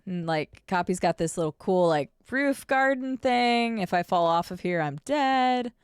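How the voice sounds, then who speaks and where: A woman's voice: medium pitch, expressive, measured pace, clear, resonant tone, no room sound, studio quality. A woman streaming a game, chatting casually with her viewers and fellow players and laughing often. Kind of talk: casual gameplay stream chat.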